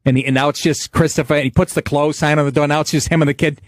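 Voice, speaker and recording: A man's voice: on the high side, fairly even intonation, racing, no room sound. A man hosting a call-in podcast, talking in a rambling, sarcastic way with plenty of swearing. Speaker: podcast host. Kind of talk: casual call-in talk show.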